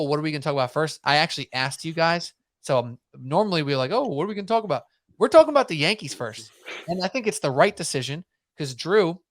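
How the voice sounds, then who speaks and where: A man hosting a sports podcast in casual chat, talking in animated, rambling runs and mocking himself. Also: a little high, no room sound, studio quality. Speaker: podcast host.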